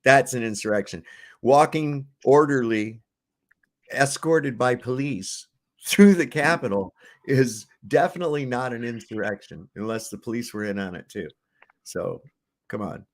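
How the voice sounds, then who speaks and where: A man's voice: medium pitch, unhurried. A man hosting a livestream, reacting to clips with profane, sarcastic commentary and rants. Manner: sarcastic, ranting. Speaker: livestream host.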